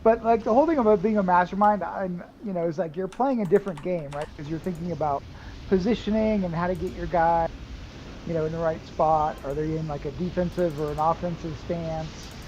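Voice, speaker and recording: A man's voice: a little high, fairly quick, a little mellow, a little hiss or hum, poor audio. Chatty man talking games with friends. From Nevada, USA. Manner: chatty, rambling, full of "like" and "you know". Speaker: fellow player on stream. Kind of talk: casual gaming chat.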